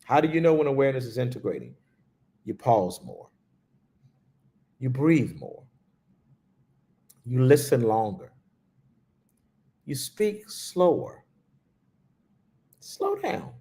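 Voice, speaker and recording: Male spiritual teacher, slow gravelly delivery, reflective, hushed emphasis. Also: medium pitch, very animated. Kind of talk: livestreamed spiritual talk.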